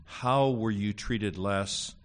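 A man with a fairly low voice lectures on Greek grammar to a class. He speaks haltingly, filling pauses with fillers and slipping in wry asides. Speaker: Greek teacher.

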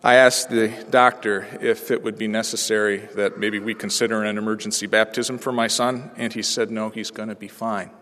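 A pastor in his forties preaching a sermon through a personal story, moving from hushed, quiet passages to ringing proclamation. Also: fairly low pitch, little pitch movement, moderate pace, few pauses. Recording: long reverb of a large hall.

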